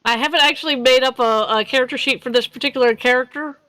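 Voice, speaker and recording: A woman's voice: sits high, fairly even intonation, quick pace, pushed and bright, dry recording, rough recording. A woman running a tabletop game as game master on a live stream, rambling and giggly, correcting herself as she goes. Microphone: streaming microphone.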